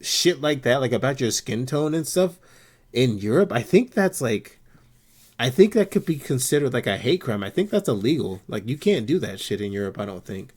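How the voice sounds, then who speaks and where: A man's voice: medium pitch, sing-song, moderate pace, a little mellow, husky. A male streamer talking casually and bluntly to his chat, swearing often and getting worked up.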